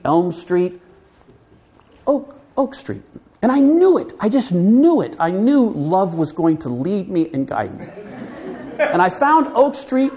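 A man telling a personal story from the pulpit as guest speaker, lively and vivid, with frequent restarts. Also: high-pitched. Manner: animated, vivid retelling with restarts. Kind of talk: storytelling sermon. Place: church.

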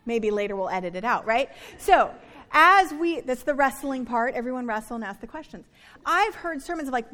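A middle-aged woman pastor delivers a sermon in a high voice. She is earnest and slows down to stress her points, often falling soft and quiet on key words before lifting again. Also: lively intonation.

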